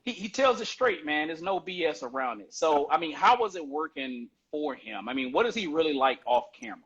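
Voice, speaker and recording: Eager male podcast host, husky voice. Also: on the high side, very animated, fairly quick, a bit bright. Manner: eager, enthusiastic questioner. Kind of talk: casual interview chat. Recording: muffled lo-fi audio.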